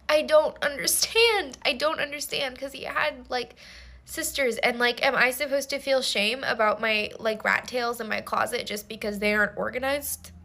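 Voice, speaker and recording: Brief: young woman, high bright voice, deadpan-serious comic storyteller who trips over her words. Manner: mock-earnest, rambling with restarts. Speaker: TikTok storyteller. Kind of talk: comedic storytime monologue.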